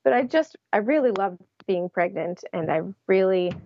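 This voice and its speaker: A woman's voice: mid-range voice, lively intonation, normal speed, mellow, dull audio. A young adult woman, an interview guest, telling her story in a casual way and laughing often. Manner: laughs often while recounting.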